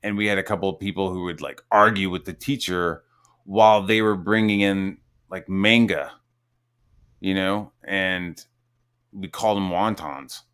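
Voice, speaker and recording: A middle-aged man hosting a casual, profane chat, animated and jumping into high-pitched quoted voices. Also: moderate pace, smooth. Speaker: podcast host.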